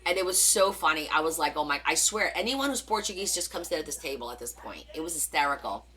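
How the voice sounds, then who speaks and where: Middle-aged woman, New Jersey accent, bright voice, lively pitch, casual storytelling on a craft stream. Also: fast talker. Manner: animated, acts out quoted voices, many fillers. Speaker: live stream crafting host.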